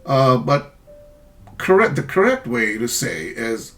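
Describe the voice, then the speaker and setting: Guy teaching english grammar, pitch jumps around a lot, acts out examples, faint music behind. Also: big pitch swings, takes it slowly, fairly bright tone. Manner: explains patiently, acts out example sentences. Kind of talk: grammar lesson.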